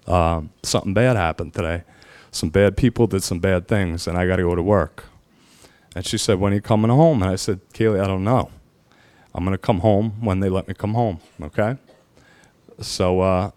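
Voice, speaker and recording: A man telling his own story as a firefighter, halting and emotional, pausing often with fillers. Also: low-pitched, a little mellow, clear, resonant tone, dry recording. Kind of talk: personal storytelling.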